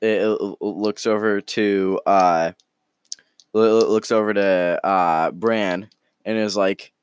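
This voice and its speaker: A man casually telling an improvised story in a rambling, halting way, full of restarts. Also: on the low side, fairly even intonation, smooth, no room sound, clean studio sound. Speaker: storyteller, podcast host.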